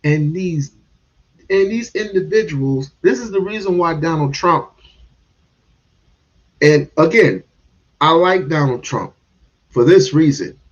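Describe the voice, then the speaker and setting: A man's voice: fairly high pitch, lively intonation, slow pace, pauses often, dull audio. A man giving heated, casual commentary on a stream, restarting and repeating words as he goes.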